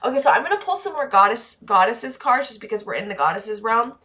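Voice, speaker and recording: A woman giving a pick-a-card tarot reading to her viewers, talking openly and emotionally, swearing casually and getting heated, then going quiet and tender. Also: fairly high pitch, animated, fast. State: emotional, voice dropping low. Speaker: tarot reader.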